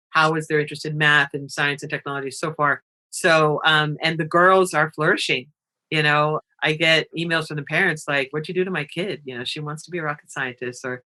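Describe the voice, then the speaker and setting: A woman talks as a radio interview guest, a nonprofit founder with a bright, forceful voice. She tells her stories with lively expression and laughs easily. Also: sits low. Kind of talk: animated storytelling interview.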